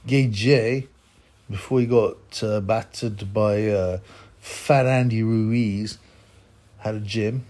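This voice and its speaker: A man's voice: lowish voice, mellow. A man hosting a boxing channel, giving a rambling, opinionated commentary monologue full of asides and tags like "huh?" and "man".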